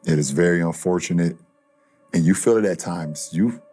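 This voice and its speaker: A man with a deep, dark voice reflects aloud in an interview. He hesitates, restarts and circles back to the same point. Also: moderate pace, slightly rough, soft background music. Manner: reflective, hesitant, repeats himself. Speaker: athlete being interviewed. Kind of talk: interview answer.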